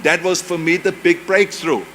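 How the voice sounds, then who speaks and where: A man's voice: sits high, fairly even intonation, moderate pace, fairly bright tone, a little hiss or hum. Older man with a heavy German accent. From Europe. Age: 70s. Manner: emphatic, anecdotal, self-mocking humor. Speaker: speaker. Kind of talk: motivational speech. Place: university event.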